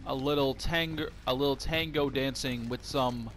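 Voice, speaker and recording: A man's voice: medium pitch, fairly even intonation, normal speed, fairly bright tone. A young man hosting his gaming channel, joking and swearing casually through a let's-play with a cough drop in his mouth. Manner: chatty, joking, swears freely. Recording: game noise and ambience behind the voice.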